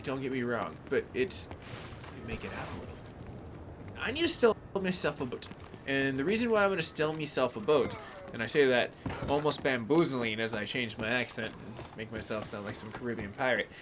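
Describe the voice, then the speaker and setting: A man's voice: medium pitch, fairly bright tone, slight background noise. A man streaming a video game live, chatting casually and greeting viewers by name in laid-back slang.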